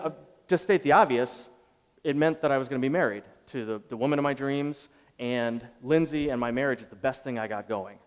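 A man in his thirties preaching a sermon, telling a personal story in a conversational way with joking asides. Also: mid-range voice. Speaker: pastor. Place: large hall with audience. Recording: roomy echoey hall, mic far off.

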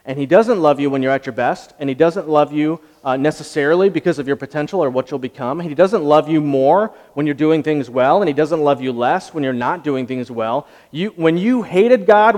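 Man, pastor, earnest sermon, higher-pitched voice, reverberant church hall. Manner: earnest, swings from hushed to emphatic.

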